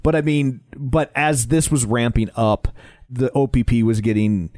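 Mellow-voiced man, wry podcast co-host. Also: mid-range voice, fairly even intonation, a little slow, no room sound, clean studio sound. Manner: wry, candid, conversational. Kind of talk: casual podcast chat.

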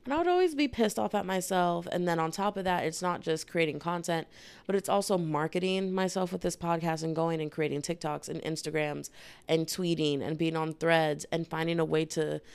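A woman's voice: deep voice, fairly quick, vocal fry, a little mellow, clean tone, dry recording. A woman in her twenties hosting a solo podcast, talking candidly and rambling in casual slang, her throat dry and irritated. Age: 20s. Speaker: podcast host.

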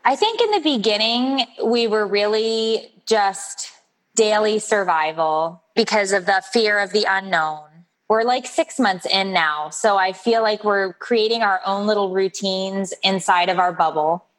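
A woman's voice: medium pitch, unhurried, poor audio. A woman in her forties, a guest author chatting in an interview, telling stories with playful quoted voices. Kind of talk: casual interview chat.

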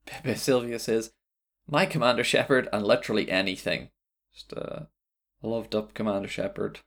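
A man's voice: lowish voice, normal speed, creaky, a bit bright. A man hosting a podcast, chatting casually and playfully while reading out listener suggestions. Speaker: podcast host. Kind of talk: casual chat.

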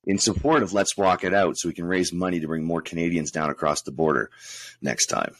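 Low-voiced wry man. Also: brisk, fairly bright tone, low-quality recording. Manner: wry, sarcastic, drily joking. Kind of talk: casual chat.

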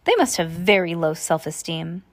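A woman reading aloud and voicing a smooth, falsely sweet woman eye doctor who schemes against children. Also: fairly low pitch, animated, normal speed. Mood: smooth, scheming.

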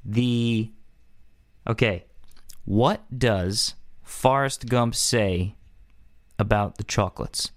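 A man's voice: lowish voice, very slow, long pauses. A man hosting a casual podcast chat, asking quiz questions and often restarting his sentences. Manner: quizzing, restarts mid-sentence. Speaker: podcast host quizzing co-host.

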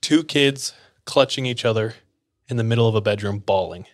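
A man co-hosting a casual podcast who reacts with quick interjections and then narrates a story. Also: lowish voice. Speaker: podcast co-host.

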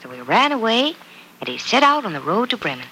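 A woman's voice: fairly high pitch, big pitch swings, fairly quick, bright, forceful tone, a little hiss or hum, rough recording. A young woman playing a kind bride-to-be who patiently reads a fairy tale to a little girl, in 1940s radio-play acting. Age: young adult. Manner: patient, reading a story aloud.

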